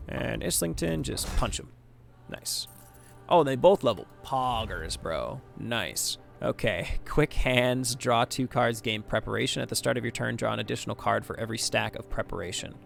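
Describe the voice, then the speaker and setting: Man, gaming streamer, casual let's-play talk, reads game text aloud, heavy vocal fry, faint background music. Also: mid-range voice, animated, moderate pace, a bit bright.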